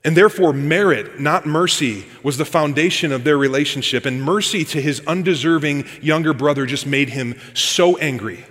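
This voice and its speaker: A man's voice: on the high side, moderate pace, hardly any pauses, fairly bright tone, in a large hall. A man preaching a sermon, reading scripture and retelling it in a casual, conversational storytelling manner. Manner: conversational storytelling, addresses listeners as "guys".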